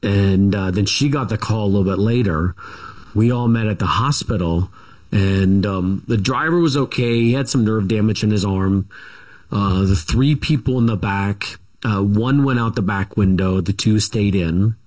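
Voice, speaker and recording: A man's voice: fairly low pitch, normal speed, a little mellow. Rambling middle-aged man telling family stories. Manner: rambling, many fillers and restarts. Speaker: guest author. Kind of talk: casual interview storytelling.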